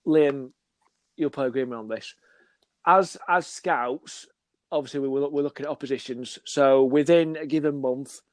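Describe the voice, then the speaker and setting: Guesting on a podcast, this football scout speaks in a mid-range voice with no room sound. It's casual chat, and he's an animated storyteller, playing out small conversations as he goes.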